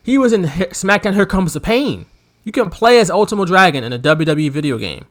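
Man, podcast co-host, fairly high voice, animated storyteller, laughs a lot. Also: brisk. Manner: animated storyteller, laughs often, acts out quotes. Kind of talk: casual wrestling podcast chat.

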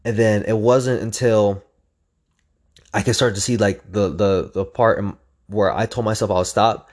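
A man's voice: lowish voice, fairly even intonation, measured pace, darkish tone. A young man telling a story in a casual, intense way, swearing often, repeating phrases and acting out his own inner voice. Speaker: storyteller recounting a hard run.

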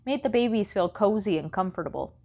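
A woman voicing a patient mother who explains slowly, a little exasperated, in an audiobook. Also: mid-range voice, lively intonation, dull audio. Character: patient mother reading scripture, mildly exasperated. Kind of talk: audiobook character voice.

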